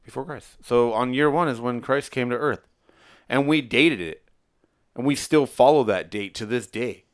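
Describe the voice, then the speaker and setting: A man's voice: medium pitch, moderate pace. Middle-aged father rambling in casual chat. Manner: rambling, thinking aloud. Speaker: podcast co-host, father. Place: at home. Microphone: stand mic.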